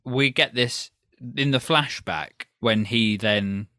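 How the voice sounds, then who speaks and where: Bright, dry-voiced man joking. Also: mid-range voice, slow, clear, resonant tone, no room sound. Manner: jokey, drops into mock-posh voices. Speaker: film podcast co-host. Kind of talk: casual film review chat.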